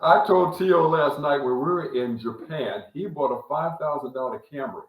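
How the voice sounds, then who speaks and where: A man's voice: fairly high pitch, moderate pace, dull audio. Older man host in an echoey room. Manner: repeats words, loose storytelling. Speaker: podcast host, former player. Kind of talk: casual chat.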